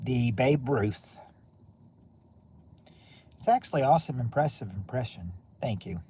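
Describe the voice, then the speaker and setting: A man of middling pitch hosting a relaxed game-night stream. He talks loosely to his viewers, trailing off and circling back mid-sentence. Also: unhurried, slight background noise. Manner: rambling, many restarts and fillers. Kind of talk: casual chat with viewers.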